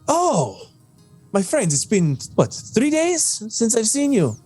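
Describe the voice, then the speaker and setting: Foppish furred trader creature, raised fussy voice, courtly, halting, voiced by a man. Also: sits high, wildly swooping pitch, darkish tone, breathy edge, soft background music, pitched above the performer's own voice, exaggerated voice. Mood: effusive.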